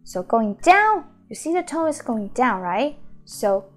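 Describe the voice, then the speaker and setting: Woman, Mandarin teacher, beginner lesson, unhurried, higher voice, repeats syllables for practice. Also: sing-song, faint music behind. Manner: slow, drawn-out model pronunciations with repeated syllables.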